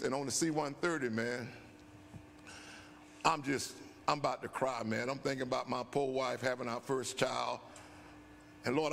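An older man, a bishop, tells an animated story with a rough, gravelly edge and a somewhat high pitch. His talk is folksy and loose, full of asides. Long church-hall reverb trails after him. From USA. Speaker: bishop teaching Bible study. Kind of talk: storytelling sermon. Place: church sanctuary.

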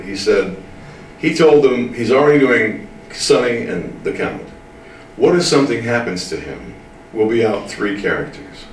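A man's voice: on the low side, animated, a little hiss or hum. An older man from the Midwest, telling stories in an interview and drawling out his words with firm emphasis. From American Midwest. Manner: drawling, slow to get things said, emphatic. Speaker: voice actor interviewee. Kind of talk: casual interview storytelling. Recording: roomy room, distant mic.

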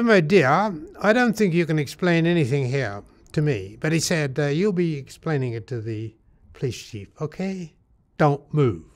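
A man's voice: medium pitch, a little mellow. An older man with an Australian accent, telling a long life story in an interview, rambling with many restarts.

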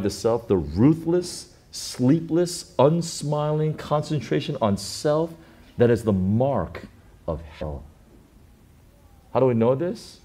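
A middle-aged pastor preaching a sermon, telling stories with big swings from quiet and low to loud and high. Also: male voice.

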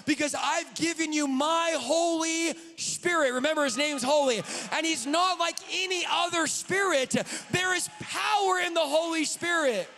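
A man preaching a sermon from the pulpit in a church, fervent and often shouting. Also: very high voice. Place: church sanctuary. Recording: long hall reverb.

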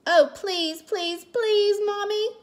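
A woman voicing a young girl who pleads and begs in a high, earnest voice in a storybook reading. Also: takes it slowly. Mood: begging. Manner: high, begging, tearful pleading.

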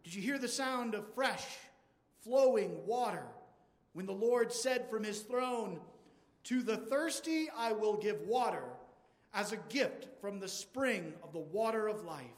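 High-voiced preacher in a reverberant church. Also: male voice, animated, a little slow. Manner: rhetorical, repeating questions. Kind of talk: sermon. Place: large church.

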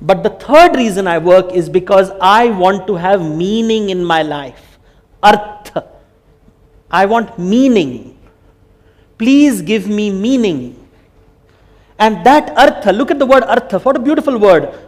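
A man with an Indian accent giving a conference talk, telling stories in an animated way and slipping Hindi phrases in. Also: sits high, unhurried, pauses often. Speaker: speaker. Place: conference hall.

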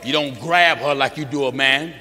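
A man's voice: medium pitch, normal speed, pushed and bright, big-room sound. A male pastor preaching an emphatic sermon, repeating scripture lines and calling for responses from the congregation.

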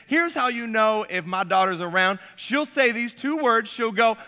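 A man's voice: sits high, normal speed, few pauses, pushed and bright. A young man preaching a sermon as a pastor, telling a personal story in a casual, self-deprecating way. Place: church sanctuary. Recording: long church hall reverb.

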